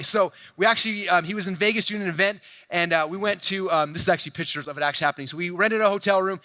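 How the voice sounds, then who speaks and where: Fast-talking, bright-voiced male stage speaker. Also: sits high, no room sound. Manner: fast, hyped, addresses crowd directly, acts out quoted dialogue. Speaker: keynote speaker at a convention. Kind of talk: energetic stage presentation. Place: large convention hall stage.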